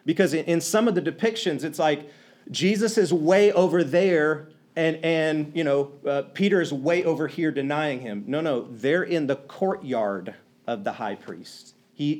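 A man preaching a sermon, retelling scenes with animated storytelling and acting out the quoted lines. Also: on the high side, unhurried.

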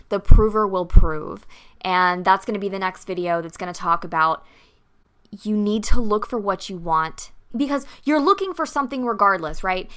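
Woman, bright, smooth, emphatic, motivational advice vlog. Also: mid-range voice. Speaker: vlogger giving advice to dancers. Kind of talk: casual storytelling advice.

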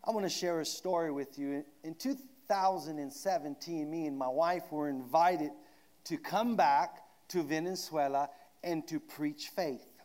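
Guy preaching, kinda high voice, slow and drawn out, goes loud then real quiet. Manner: dramatic swings from loud declarations to hushed asides. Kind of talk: sermon.

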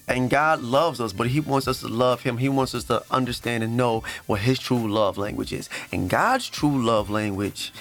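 A man's voice: medium pitch, a bit bright. A man hosting a faith podcast, talking earnestly and reading scripture aloud, with fillers and restarts and moments where he is close to tears. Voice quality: emotional, near tears at times. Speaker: podcast host.

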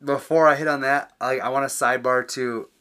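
A man co-hosting a casual podcast conversation. He chimes in with short, wry remarks and swears casually. His voice sits at an ordinary pitch. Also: fairly even intonation, a little fast, bright, forceful tone, smooth. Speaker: podcast co-host. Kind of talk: casual chat.

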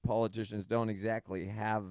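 A man's voice: fairly low pitch, flat delivery, brisk, darkish tone, no echo, clean studio sound. A man co-hosting a podcast in casual chat, easygoing and joking, laughing often. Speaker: podcast co-host.

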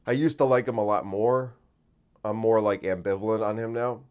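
A man's voice: fairly low pitch, fairly even intonation, normal speed, a little mellow, clean tone. A man hosting a podcast, talking in a rambling casual monologue, full of fillers and swearing. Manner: rambling, many fillers, profane. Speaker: podcast host.

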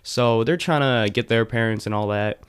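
A late-teen guy with a fairly low, clean-toned voice chats casually at a moderate pace. He retells a story in a rambling, animated way, full of fillers and restarts.

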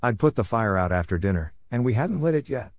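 A man reading a story aloud in a steady, even manner, as an audiobook narrator. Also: mid-range voice, brisk, dry recording, studio quality. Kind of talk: scripted narration.

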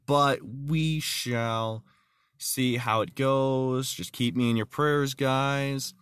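Plainspoken guy doing a solo podcast, dry close sound, middle pitch. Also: fairly bright tone, no echo. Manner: earnest, plainspoken, tells jokes. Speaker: podcast host. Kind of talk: casual podcast monologue.

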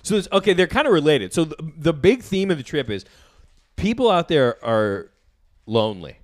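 A young man, a comedian and podcast host, telling an animated story in casual chat, laughing and acting out the people in it. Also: a little high, moderate pace.

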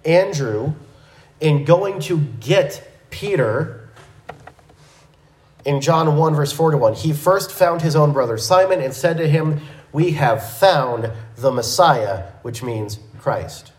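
A man teaching a verse-by-verse Bible lesson in a measured, methodical way, with small restarts. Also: fairly high pitch, lively intonation, a little mellow, roomy sound, rough recording.

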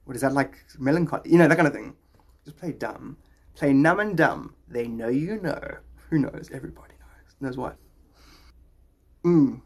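A man's voice: mid-range voice, animated, moderate pace, creaky, long pauses. A man hosting a podcast, rambling in a jokey, philosophical way. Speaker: podcast host. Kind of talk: rambling casual talk.

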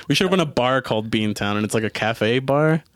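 A man's voice: mid-range voice, brisk, dry recording. A young man chatting casually as a podcast co-host, joking and laughing often. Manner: jokey, laughs often, animated bursts. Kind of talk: casual chat.

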